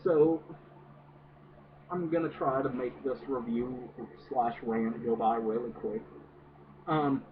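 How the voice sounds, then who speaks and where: A man giving a casual, profane movie rant, hesitant and full of fillers. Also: medium pitch. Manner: hesitant, many fillers, swears a lot. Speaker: movie reviewer. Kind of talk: casual ranting film review. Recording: distant noisy phone-like audio.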